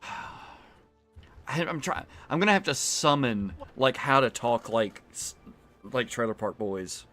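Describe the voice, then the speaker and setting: Guy streaming a game, rambly casual chat, mid pitch voice. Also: lively intonation, slow pace, fairly bright tone, soft background music. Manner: rambling, with many fillers and laughs. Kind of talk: casual chat while playing.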